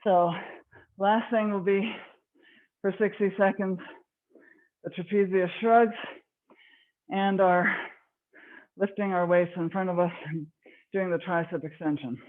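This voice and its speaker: A woman's voice: mid-range voice, fairly even intonation, a little slow, long pauses. A woman fitness instructor leading a live online workout class, slightly out of breath, encouraging and counting reps. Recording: tinny phone-like online call audio.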